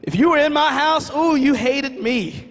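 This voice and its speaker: A man's voice: very high voice, measured pace. A man giving a motivational talk, telling a story, acting out the voices and calling on the audience. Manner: animated, acts out dialogue, calls on the audience. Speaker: keynote speaker. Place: large conference hall. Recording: reverberant hall.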